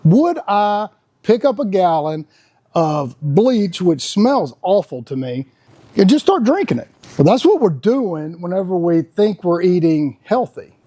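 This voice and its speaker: A man's voice: high voice, dark tone. A man, talking in a casual, blunt, folksy monologue as a podcast host. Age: 50s. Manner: folksy, blunt, laughs often.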